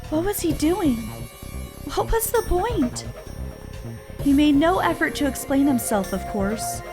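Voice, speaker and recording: A man reading game narration aloud as a young woman, in a steady storybook manner. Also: very high-pitched, a little slow, music in the background.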